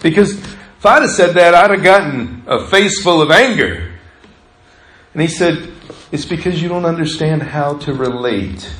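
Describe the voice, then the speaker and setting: Conversational preacher in an echoey church. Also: male voice, fairly high pitch, expressive, unhurried, a bit bright. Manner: storytelling, conversational, acts out quoted voices. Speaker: pastor. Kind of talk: sermon. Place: church sanctuary.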